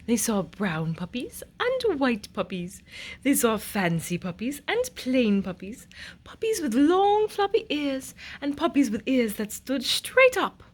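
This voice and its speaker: Woman reading a picture book aloud, high and very lively, sing-song storytelling. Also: measured pace.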